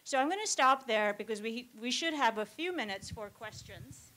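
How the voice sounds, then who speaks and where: Woman presenter explaining clearly. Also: fairly high pitch, expressive, moderate pace, bright, forceful tone. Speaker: conference presenter. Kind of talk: academic talk.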